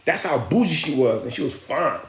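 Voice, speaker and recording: A livestream host tells a casual story in loose slang, breaking off to greet and thank viewers. His medium-pitched voice is sing-song and fairly quick, and the recording has a roomy echo.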